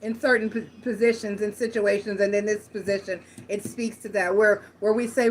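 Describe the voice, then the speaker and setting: A woman's voice: mid-range voice, fairly even intonation, normal speed, few pauses, a little hiss or hum. A woman giving a casual tarot reading, talking frankly and directly to her viewers, with slang and the odd swear. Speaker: tarot reader.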